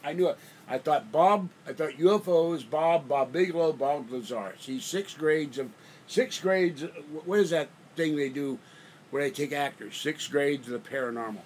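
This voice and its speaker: A man's voice: a little high, moderate pace. An older man vlogging from home in a meandering, self-interrupting way, sounding fatigued. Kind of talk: rambling casual monologue. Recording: faint background noise.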